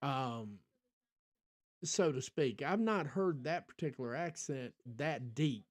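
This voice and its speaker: A man's voice: medium pitch, expressive, slow pace. An American man hosting a podcast livestream, rambling in casual chat, full of ums and restarts and answering viewers in the chat. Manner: rambling, talks back to chat, frequent ums. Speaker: podcast host.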